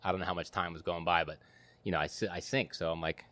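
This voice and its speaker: A man guest on a podcast, telling a story in a casual, animated way with lots of fillers and frequent laughter. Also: low-pitched, fast talker.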